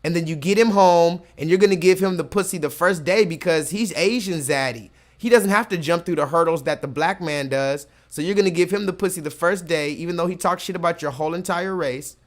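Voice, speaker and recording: A man hosting a livestream, ranting casually and reading chat comments, cursing freely and slowing down to hammer his points home. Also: on the high side. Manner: profane, emphatic, slows down to stress points.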